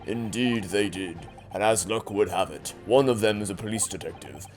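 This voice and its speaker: A man's voice: fairly low pitch, faint music behind, voice pushed down, lightly acted. A man doing a cold, pompous prosecutor. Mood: haughty. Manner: slow and haughty.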